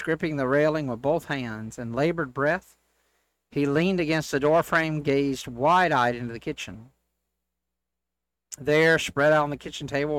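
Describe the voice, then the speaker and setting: A man reading church jokes aloud as a co-host, in a steady storytelling delivery. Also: a little high, dry recording.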